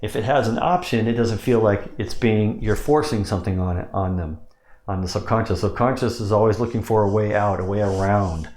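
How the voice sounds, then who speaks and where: Casting note: man with a lowish voice, instructional coach who breaks ideas down step by step, roomy echo. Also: brisk, darkish tone. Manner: explains step by step, demonstrates with pitch changes. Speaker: sales hypnosis coach. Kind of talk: instructional explanation.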